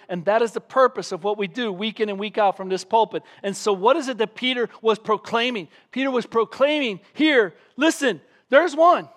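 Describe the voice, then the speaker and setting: A man with a high voice preaching a sermon in church. He tells the scenes with drama, gets loud and then drops to a hush, and acts out the voices of the people in the story. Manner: animated preaching, acting out scenes with raised voice. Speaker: pastor.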